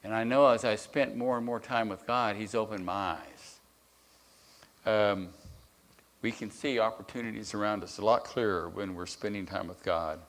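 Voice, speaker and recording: A man with a somewhat low voice preaches a sermon as a guest speaker. He tells his story plainly, stumbling into restarts and filling pauses with "uh.". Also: steady tone. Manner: storytelling, with repeated restarts and uh fillers.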